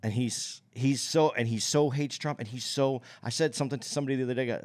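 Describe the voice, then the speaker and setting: A man's voice: mid-range voice, fairly even intonation, fast, hardly any pauses. A man co-hosting a podcast in casual chat, opinionated, thinking aloud and circling back to his point. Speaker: podcast co-host.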